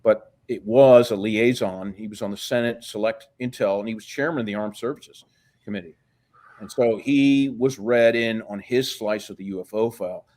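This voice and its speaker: A man's voice: lowish voice, moderate pace, a little mellow. A middle-aged man speaking as an interview guest, rambling from story to story. He swears freely and acts out the voices of people he quotes. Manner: rambling, profane, re-enacts quoted dialogue.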